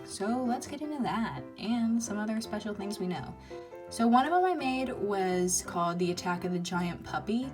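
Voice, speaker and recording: A woman's voice: medium pitch, expressive, moderate pace. Rambling woman over background music. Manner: rambling, lots of ums and uhs. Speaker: toy-figure video maker. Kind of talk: casual chat.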